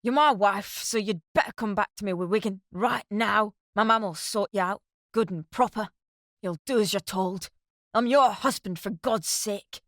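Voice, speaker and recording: A woman voicing a jealous, furious sergeant husband who shouts coarse insults while short of breath. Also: medium pitch, moderate pace, dry recording, studio quality, close to an everyday voice.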